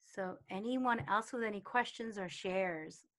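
A woman teaching about intuition and calm on a live video call, chatty, with many fillers and acted-out quotes. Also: medium pitch, measured pace. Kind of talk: casual talk in a live online session.

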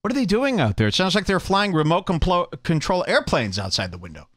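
A man's voice: high voice, brisk. A man hosting a podcast, riffing crudely and mockingly on clips he plays. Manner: crude, mocking, lively banter. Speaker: podcast host. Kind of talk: riffing commentary on played clips.

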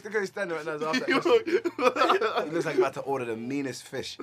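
Shrieking high-voiced man, wildly swinging pitch. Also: sing-song, fast talker, a crowd in the background. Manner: shrieking, laughing, mocking commentary.

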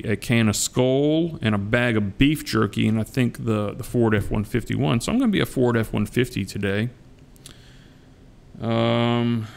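A man's voice: on the low side, gravelly, clean tone. A middle-aged man with a Southern US accent, chatting casually and joking with his viewers as a coin collecting vlogger. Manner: joking, drawn-out, addresses viewers as guys. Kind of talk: casual rambling chat.

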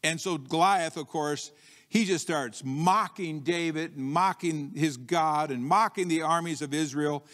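A man's voice: measured pace, a bit bright. A man preaching a sermon as pastor, telling a story in a conversational way, with many restarts, and acting out defiant quotes by raising his voice. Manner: storytelling, acts out bold defiant quotes with rising pitch; frequent restarts and "you know" asides, conversational. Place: church sanctuary. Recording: long reverb of a church hall.

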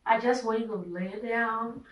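A woman's voice: on the high side, unhurried, echoey room, a little hiss or hum, lightly acted, low-quality recording. An actress with a Liberian English accent playing a confident mistress, coaxing and boasting to a married man.

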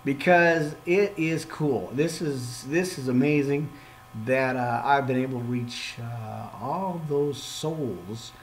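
A man, a minister hosting a live podcast, signing off with excitable, playful talk, frequent amens and asides to himself. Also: mid-range voice, slow pace, a little hiss or hum. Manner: preacherly amens and exhortations.

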